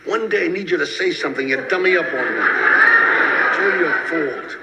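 A man's voice: high-pitched, fairly quick, lo-fi sound. A man voicing a grumpy, exasperated middle-aged roommate who complains and bickers. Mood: irritated. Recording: loud background noise.

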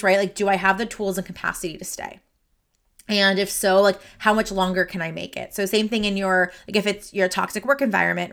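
A woman with a lowish, gravelly, fairly bright voice hosts a solo podcast from her office. She's a career coach who talks chattily, full of fillers and restarts, while teary and sniffling.

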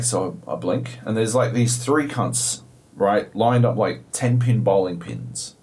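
A man's voice: fairly low pitch, takes it slowly, darkish tone. A young Australian man co-hosting a podcast, telling a story in a profane, exasperated way. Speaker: podcast co-host. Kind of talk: casual chat about video games.

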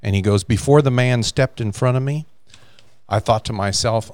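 A man's voice: mid-range voice, moderate pace, darkish tone, no echo. A man co-hosting a faith podcast, earnestly retelling a story from a book in casual chat. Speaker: podcast co-host.

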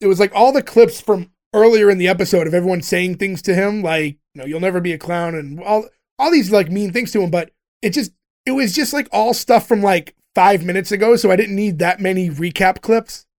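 A man with a notably high speaking voice walks through an episode scene by scene. He is chatty and breaks into laughter often. The talk is casual and unscripted. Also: a little fast, a little mellow. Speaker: podcast host recapping a TV episode. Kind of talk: casual chat.

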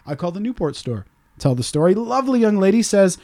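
Fast-talking, swearing podcast host. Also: male voice, high voice. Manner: swearing, animated, acts out other people's lines. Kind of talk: casual storytelling rant.

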